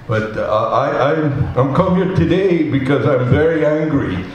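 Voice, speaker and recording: A man's voice: on the high side, lively intonation, far from the mic, slight background noise. Fiery Puerto Rican man at a rally. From Puerto Rico. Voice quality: fiery, emphatic, halting with fillers. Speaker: rally speaker, medical volunteer. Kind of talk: impassioned protest speech and poem reading. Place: outdoor protest rally. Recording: very echoey live rally sound.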